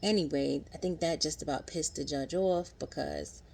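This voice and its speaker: A woman in her thirties recapping a TV episode in casual, animated vlog commentary, acting out quotes. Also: moderate pace, vocal fry. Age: 30s. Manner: chatty, animated, acts out quotes in higher voice. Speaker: vlogger.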